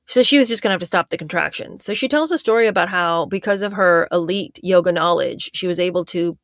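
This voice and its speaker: A woman with a fairly low voice comments in a sarcastic, incredulous tone. The recording is dry and close. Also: quick pace, no room sound. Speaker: guest commentator. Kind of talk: casual commentary.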